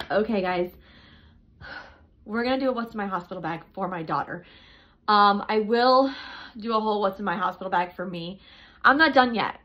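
A young woman talks her way through a casual home vlog, chatty and rambling, often circling back to repeat herself. She sounds a little out of breath, her voice bright and pressed. The recording is dull and lo-fi. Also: mid-range voice, normal speed, long pauses. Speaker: vlogger. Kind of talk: casual pregnancy update vlog.

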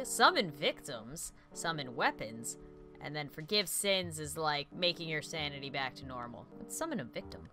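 A young adult woman hosting a let's play with excitable commentary, breaking into shrieks and laughter, on a desk mic at home. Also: lowish voice. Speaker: gaming video host.

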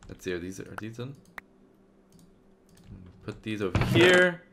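A man's voice: on the low side, big pitch swings, measured pace, very noisy. A man giving casual let's-play commentary as a gaming YouTuber, chatty and rambling as he plays. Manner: rambling, chatty, many fillers and restarts.

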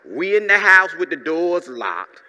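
Man preaching, high voice, very bright and forceful, echoing church hall, playful call-and-response. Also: unhurried. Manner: lively preacher with humorous asides and call-and-response. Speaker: pastor. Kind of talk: sermon.

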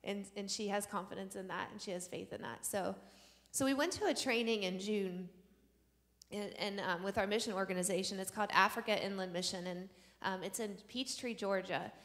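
A woman's voice: medium pitch, brisk, a bit bright. A woman missionary sharing a personal testimony with a church audience, telling her story earnestly and acting out the dialogue. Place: church sanctuary. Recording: long reverb of a church hall.

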